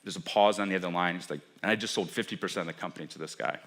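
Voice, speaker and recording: A man giving a storytelling keynote on a conference stage, animated and acting out the dialogue of the people in his story. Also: low-pitched, racing. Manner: animated, acts out dialogue with quoted voices. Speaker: keynote speaker.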